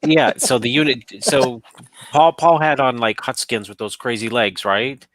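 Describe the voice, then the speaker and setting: A man telling a story in a casual talk show, halting and repeating words as he goes. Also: medium pitch, a bit bright, no echo. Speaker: show panelist.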